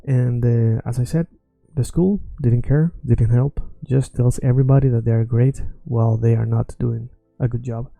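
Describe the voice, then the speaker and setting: A man's voice: medium pitch, moderate pace, gravelly, hardly any pauses, no room sound, soft background music. A man who is not a native English speaker, confidently explaining a language lesson online. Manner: confident, self-assured, animated explanations. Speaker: language teacher.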